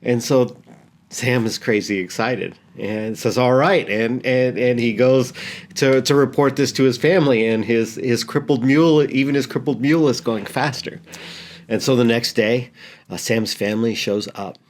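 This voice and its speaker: A man, a pastor, telling a story in a sermon, halting and repeating words earnestly. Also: mid-range voice, a little mellow.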